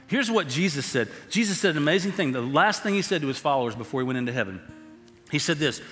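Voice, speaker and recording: A man preaching a sermon, telling a story and then building to slow, emphatic exhortation. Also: on the high side, animated, a bit bright, soft background music. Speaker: pastor. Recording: long hall reverb.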